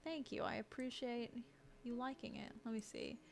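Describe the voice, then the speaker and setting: A woman streamer chatting casually while she draws, rambling and self-deprecating, with lots of fillers and restarts and a habit of dropping to a low mutter as she works. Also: normal speed, creaky, a little hiss or hum. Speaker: streamer and artist. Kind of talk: casual live-stream chat while drawing.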